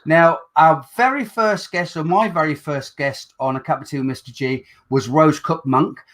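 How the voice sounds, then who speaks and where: A man's voice: fairly high pitch, normal speed, fairly bright tone. A man with a Black Country accent hosting a casual talk show, theatrical and upbeat. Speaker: host. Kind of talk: casual chat.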